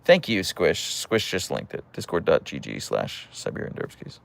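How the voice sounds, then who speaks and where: A man's voice: low voice, big pitch swings, moderate pace, vocal fry. A young man from the Pittsburgh area hosting a casual livestream, reading out chat messages and answering with teasing, dry jokes. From Pittsburgh area, USA.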